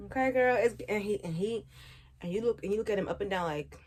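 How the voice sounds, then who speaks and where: A young woman in her twenties talks straight to her viewers in a loose, slangy, frank way. Her voice sits at an ordinary middle pitch, and she laughs at her own jokes as she goes. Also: quick pace, noisy background. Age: 20s. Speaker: vlogger. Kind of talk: casual chat.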